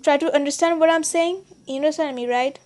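A woman whose first language is Bengali, chatting casually in a vlog with halting, hesitant speech full of restarts and fillers. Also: high-pitched, a little mellow. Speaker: channel host.

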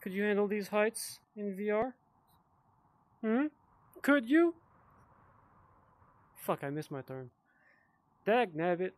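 A slightly drunk man talks his way through a VR game in loose, casual commentary. His voice sits a little higher than most men's, and he keeps cursing, muttering under his breath and then flaring up in frustration. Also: lively intonation, a little slow, pauses often. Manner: swears a lot, frustrated outbursts and mumbled asides. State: tipsy from drinking. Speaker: VR gamer.

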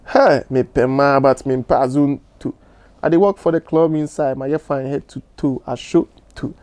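A man's voice: medium pitch, steady tone, normal speed, a little mellow. A young Ghanaian man, a musician guest, telling stories in a casual interview and stumbling over many restarts. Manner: mixes Twi, Pidgin and English, many restarts.

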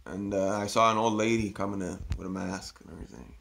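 A man telling a rambling, halting story about his day in a casual monologue, with many restarts and some swearing. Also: deep voice, steady tone, vocal fry, a bit bright, slight background noise.

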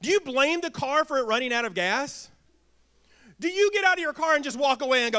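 High, bright-voiced energetic male preacher. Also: brisk. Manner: energetic, asks the crowd questions and acts out quips. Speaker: pastor. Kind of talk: sermon. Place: church sanctuary.

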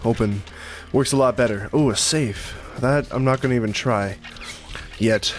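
Jumpy excitable young-sounding gamer guy. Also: mid-range voice, moderate pace, a little hiss or hum. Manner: jumpy, excitable, swears and laughs when startled. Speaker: let's play gamer. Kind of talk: casual gameplay commentary. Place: room at home.

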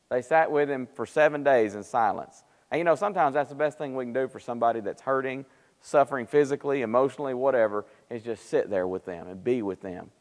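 A man teaching a Bible class in conversational style, acting out quoted speech. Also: mid-range voice. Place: church auditorium. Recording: long hall reverb of church live stream.

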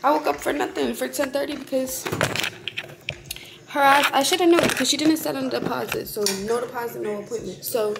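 A woman's voice: high voice, brisk, creaky, over loud music. A woman in her twenties vlogging in casual chat, slangy and swearing freely. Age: 20s.

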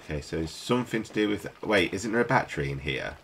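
A man's voice: deep voice, lively intonation, fast talker, creaky, a bit bright, a little hiss or hum. A tired British man from the UK, rambling to himself in casual gameplay commentary as a let's play host. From United Kingdom. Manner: rambling, mutters to himself while playing. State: tired, up at night. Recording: game music playing behind.

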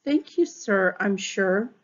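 A woman's voice: medium pitch, animated, slow pace. A woman voicing an earnest, hesitant young male police lieutenant in a storybook read-aloud. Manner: polite, hesitant. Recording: dull, muffled recording.

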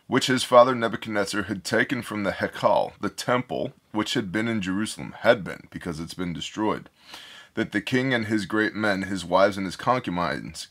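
Deep-voiced man leading a Bible study. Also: lively intonation, moderate pace, a bit bright. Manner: casual, digressive, thinks aloud. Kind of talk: reading scripture with commentary.

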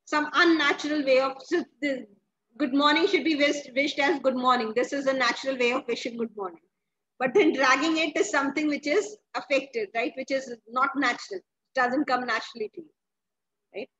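A woman's voice: high-pitched, moderate pace, fairly bright tone, highs cut off. A woman, a teacher explaining a story to her class, asking questions and often restarting her sentences. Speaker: English teacher.

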